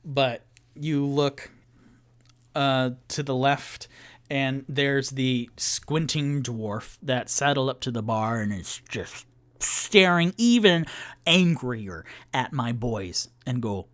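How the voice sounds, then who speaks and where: A man's voice: medium pitch, slow, a bit bright. A man narrating a solo tabletop game as dungeon master, casual and rambling, laughing at his own jokes.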